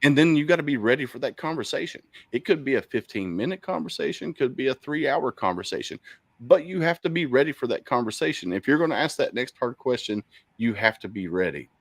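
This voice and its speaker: A man hosting a podcast, a veteran himself, speaking earnestly and deliberately and repeating his key points. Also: mid-range voice, lively intonation, no echo. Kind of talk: casual podcast conversation.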